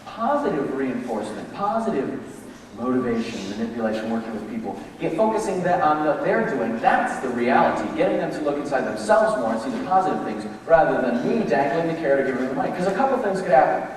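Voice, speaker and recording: Animated man speaking in an echoey hall. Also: a little high, quick pace, slight background noise. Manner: animated, acts out voices of people in his examples. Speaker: motivational speaker. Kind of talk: lively leadership talk to a live audience. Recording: echoey hall, mic from a distance.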